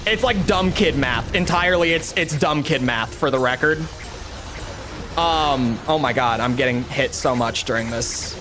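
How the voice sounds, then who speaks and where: A man's voice: medium pitch, measured pace, music in the background. A young man streaming a game, telling a rambling, self-mocking story in casual chat with lots of restarts. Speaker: gaming streamer.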